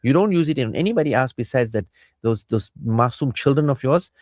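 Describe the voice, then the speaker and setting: A man's voice: medium pitch, lively intonation, brisk, a little mellow, dry recording, clean studio sound. A man hosting a family counselling radio show, giving advice in casual talk and acting out quoted lines in little voices. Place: radio studio.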